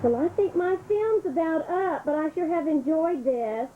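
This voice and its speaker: A woman's voice: extremely high pitch, animated, moderate pace, narrow, tinny audio, noisy background. A woman interviewing relatives as she films, asking brief, encouraging questions. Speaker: interviewer filming the family. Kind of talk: casual interview.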